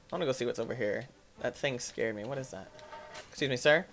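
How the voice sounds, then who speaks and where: A man hosting a gaming channel, giving playful, excitable let's-play commentary and talking back to the enemies on screen. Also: mid-range voice, fast.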